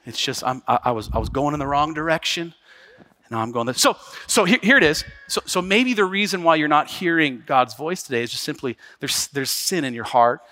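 A pastor preaching a conversational sermon to a church congregation, acting out quotes with sudden loud bursts and joking asides. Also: male voice, a little fast. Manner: animated, acts out quotes with big jumps in pitch and volume. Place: church sanctuary.

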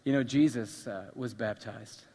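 A male pastor preaching a sermon, swinging from hushed, intimate lines to loud, emphatic repetition. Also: medium pitch, a little slow. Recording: long reverb of a large hall.

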